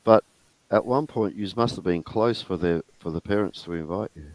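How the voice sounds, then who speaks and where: Deep-voiced man, dry close sound. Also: moderate pace, darkish tone, no echo, poor audio. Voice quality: encouraging, asks probing questions. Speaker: guest on a live stream. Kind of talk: casual chat.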